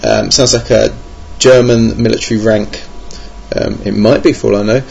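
A man's voice: on the low side, steady tone, moderate pace, gravelly, a little mellow, breathy edge, dull audio. A young man hosting a board game podcast alone at his computer, rambling and self-mocking with many ums. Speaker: podcast host. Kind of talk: casual podcast monologue. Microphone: home computer mic.

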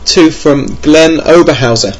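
Gravelly podcast host. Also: male voice, on the high side, measured pace. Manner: rambling, self-mocking, many ums. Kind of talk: casual podcast monologue. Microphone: home computer mic.

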